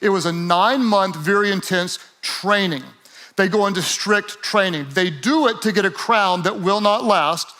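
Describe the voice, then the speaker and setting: A man with a high, light voice preaches a lively sermon to a live audience. He acts out little voices in playful asides, then climbs into loud, emphatic shouting. He sounds like he is speaking in a large hall. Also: normal speed. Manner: energetic, builds to shouting. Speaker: pastor.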